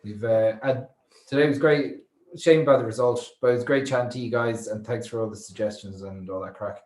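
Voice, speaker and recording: A man's voice: medium pitch, fairly quick. A man who co-hosts a podcast, chatting casually and swearing as he watches a rugby match live. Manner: swearing, excitable, jumps from mumble to outburst. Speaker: podcast co-host. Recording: roomy echo.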